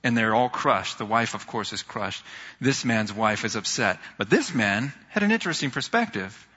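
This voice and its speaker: A man on a church's staff preaching a sermon, telling stories earnestly and slowing down when he reads scripture. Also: slightly rough. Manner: earnest, storytelling, rises in pitch when excited, slows for scripture. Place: church sanctuary. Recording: dull sound in a reverberant hall.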